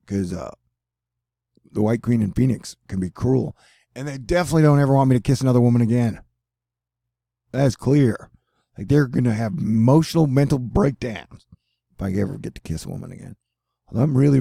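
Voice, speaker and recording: Medium-pitched and fairly quick, his warm voice has vocal fry, a breathy edge and frequent pauses, recorded cleanly in a studio without echo. He's a middle-aged US man hosting an easygoing weather video, rambling with jokes and many fillers.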